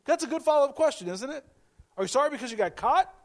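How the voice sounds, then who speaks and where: A man's voice: very high voice, expressive, fast. A male pastor preaching a sermon in a conversational way, repeating key phrases and acting out quoted voices.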